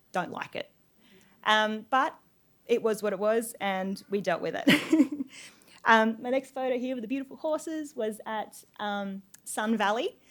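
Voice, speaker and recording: A young adult woman giving an informal talk to an audience, telling stories with laughs and fillers between slides. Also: mid-range voice. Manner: chatty storytelling with laughs and fillers. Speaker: guest speaker.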